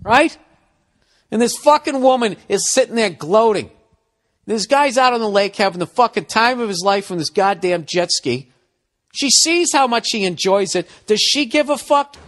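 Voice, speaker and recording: A man's voice: high-pitched, lively intonation, moderate pace, fairly bright tone. A man hosting a podcast, ranting in a profane, exasperated comedic style and acting out both sides of arguments. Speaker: podcast host. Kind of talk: comedic rant.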